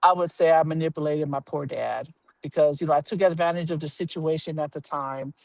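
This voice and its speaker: A man telling a personal story to a live audience, animated and blunt, swearing casually and acting out the voices of the people in it. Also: on the high side, brisk, vocal fry, dry recording. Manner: animated, acts out quoted voices, laughs while telling.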